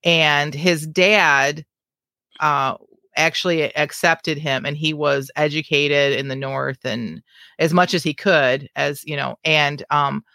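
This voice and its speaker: A woman's voice: low-pitched, fairly even intonation, slow, vocal fry, bright, forceful tone, no room sound. Woman co-host, chatty and self-deprecating, close dry mic. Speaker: podcast co-host. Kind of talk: casual chat and reading her own fiction aloud.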